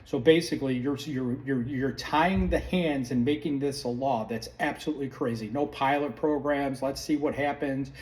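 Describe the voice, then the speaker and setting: A man's voice: medium pitch, moderate pace, few pauses, darkish tone. Heated, sarcastic New man ranting. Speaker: podcast host. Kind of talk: opinion monologue. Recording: distant mic with faint room ambience.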